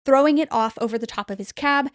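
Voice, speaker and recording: A woman with a slightly high voice tells an eerie story as a podcast host, lively and chatty, jumping into the quotes she retells. Her voice sits close to the mic with a dry, dead sound. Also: quick pace, dry recording. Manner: animated retelling, acts out quotes.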